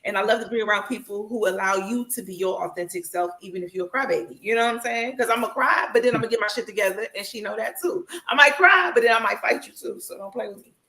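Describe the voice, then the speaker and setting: A woman's voice: mid-range voice, fast talker, few pauses, pushed and bright, echoey room, low-quality recording. A woman in casual podcast chat, emotional and blunt, swearing freely and laughing often, over a video call. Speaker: podcast guest.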